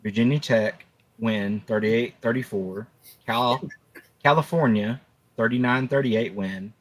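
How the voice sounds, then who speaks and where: Man, husky voice, mid pitch, argumentative, rattles off scores, sports panel, remote call mic. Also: measured pace, low-quality recording. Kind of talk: casual sports talk.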